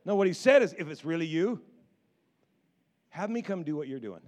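Animated middle-aged pastor preaching. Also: male voice, on the high side, normal speed. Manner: animated, repeats words, acts out biblical quotes. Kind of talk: sermon.

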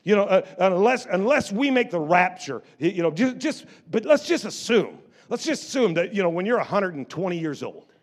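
A middle-aged man preaching a sermon in church, stammering through restarts and moving between quiet storytelling and loud exhortation. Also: high-pitched, sing-song, normal speed, hardly any pauses. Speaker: pastor.

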